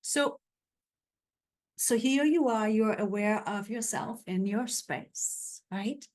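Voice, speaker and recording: A woman hosting a spiritual guidance podcast, speaking in an unhurried, affirming way with repeated phrases and frequent "right?" check-ins. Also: fairly high pitch, darkish tone. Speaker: spiritual coach and podcast host.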